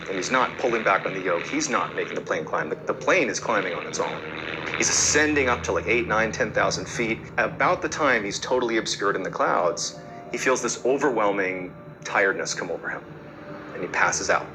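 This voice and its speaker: A man's voice: on the low side, noisy background. A man hosting a podcast, telling a story casually and conversationally, with fillers and repeated words. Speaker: podcast host.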